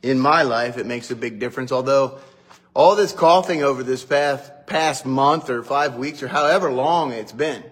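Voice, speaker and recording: A middle-aged pastor with a somewhat rough, medium-pitched voice talks at an ordinary pace to his congregation in an informal morning livestream. Still shaking off a cough, he keeps things chatty and joking, with animated asides.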